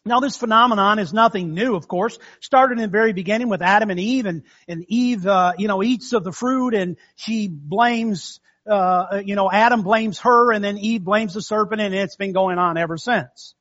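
A man's voice: sits high, normal speed, few pauses, a bit bright, dull audio. A man preaching a sermon as pastor in a folksy, conversational way, calling out amens to the congregation.

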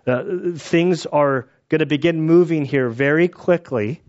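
A man's voice: on the high side, measured pace, darkish tone, lo-fi sound. A man giving a casual Bible teaching, conversational and acting out quotes with the odd laugh.

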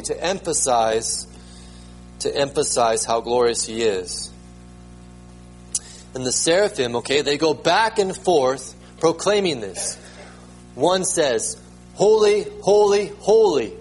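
A man's voice: a little high, poor audio. A man preaching a sermon as pastor, emphatic, repeating words and rising sharply when he proclaims them.

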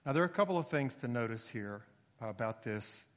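A man preaching an expository sermon in a steady, explanatory teaching voice, with occasional emphatic lifts. His pitch sits mid-range for a man. The sound carries a long reverb tail, as if heard across a church sanctuary. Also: fairly quick.

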